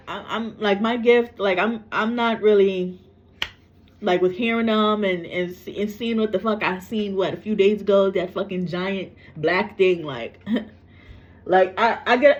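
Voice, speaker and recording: Woman psychic medium talking to camera, blunt, repeats herself, swears a lot, kinda dull lo-fi sound. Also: medium pitch. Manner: blunt and repetitive, curses freely. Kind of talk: casual spoken reading to camera. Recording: dull lo-fi recording.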